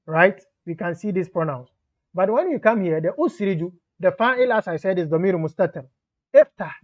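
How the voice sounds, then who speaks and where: A man's voice: high voice, dull audio. A man teaching Arabic grammar, reading lines from a textbook and explaining them in English. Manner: reads Arabic text then explains in English.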